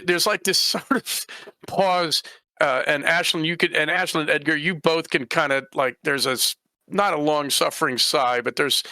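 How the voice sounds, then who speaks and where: A man's voice: fairly high pitch, vocal fry, sharp tone, no echo. A man running a tabletop game as game master, narrating in a rambling way and voicing characters.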